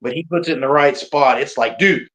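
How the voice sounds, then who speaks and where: A man, a pro wrestler talking casually as an interview guest, animated and self-mocking, often laughing and restarting his sentences. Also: mid-range voice, a little fast. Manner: frequent repeats and restarts.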